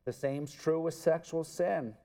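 Male pastor, sermon delivery, slow and emphatic, slightly high warm voice. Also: gravelly. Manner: earnest, emphatic, repeats words for stress. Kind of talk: expository sermon.

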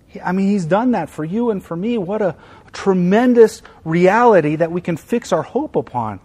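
A male pastor preaching with fervent emphasis. His voice sits a touch high for a man, and he repeats his key lines. He often drops to a hushed, intimate level. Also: animated, moderate pace, slightly rough. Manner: emphatic, repeats key phrases, swings from loud stress to quiet. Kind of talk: sermon.

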